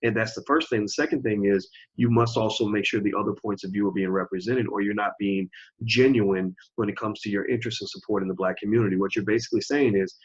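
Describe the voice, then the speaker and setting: A man in his forties hosts his own channel, delivering an emphatic, preachy opinion monologue and repeating phrases for stress. His voice is on the low side, with fairly even intonation, a fast pace and a breathy edge. The recording sounds dull and lo-fi.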